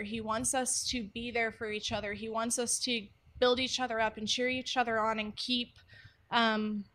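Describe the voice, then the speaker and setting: Speaking in a fairly bright voice on the high side, a young woman from the United States teaches about faith as a church ministry speaker. She comes across as earnest and candid, sharing personal things and frequently saying "um."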